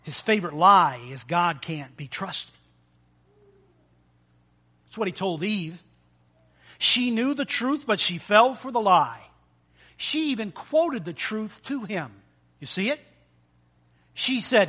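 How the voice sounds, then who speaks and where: Pastor, male, high bright voice, animated sermon delivery. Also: unhurried, long pauses. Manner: animated preaching with acted-out voices and sound effects.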